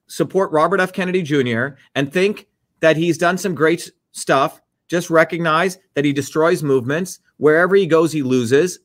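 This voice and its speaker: A combative political host, talking in a scornful, heated way. His voice sits fairly high for a man. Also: a bit bright. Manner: combative, scornful, rapid asides to a producer.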